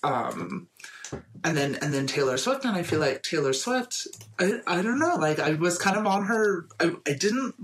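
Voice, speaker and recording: A podcast co-host in casual chat, talking enthusiastically with many halting restarts. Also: medium pitch, big pitch swings, a bit bright, a little hiss or hum.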